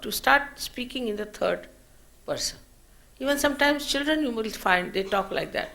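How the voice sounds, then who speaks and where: A woman delivers a spiritual lecture in a measured, unhurried way. Her voice has a gravelly, creaky texture. Her phrases often trail off softly at the end. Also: on the high side, animated. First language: Marathi. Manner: slow, measured teaching with soft trailing phrase ends. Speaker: spiritual teacher. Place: lecture hall at a public program.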